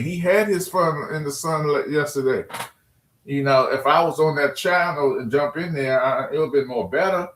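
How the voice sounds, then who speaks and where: Here's a live streamer at his home computer, his high-side voice a bit bright and moving at a moderate pace. In an echoey room, he reads chat and keeps things loose with jokes and trash talk.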